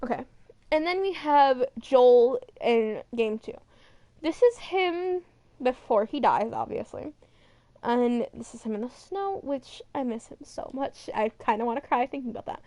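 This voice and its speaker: A woman's voice: high voice, a little slow, warm tone, dry recording. A young woman streaming, chatting casually and rambling as she looks through game models, with some swearing. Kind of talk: casual chat over a model viewer.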